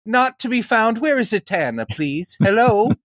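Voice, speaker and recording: A man's voice: high-pitched, sing-song, normal speed, no echo, studio quality, pitched above the performer's own voice. A man voicing an eager, polite fan who keeps pressing a speaker with questions, in an overly courteous, insistent way. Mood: pleading politely.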